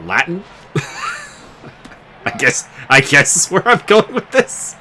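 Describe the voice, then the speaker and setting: A man giving casual play-by-play commentary on a baseball game he is playing, chatty and quick to laugh. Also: high voice, huge pitch swings, sharp tone, slight background noise. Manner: chatty, laughs often, muses over player names. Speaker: game streamer commentating his baseball season.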